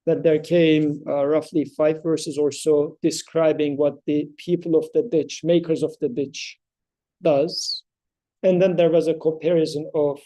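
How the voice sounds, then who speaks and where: A man teaching scripture to a small study circle, his voice slightly high yet deeply mellow and dark. He explains in a thoughtful, halting way, with fillers and restarts, and chants verses between his comments.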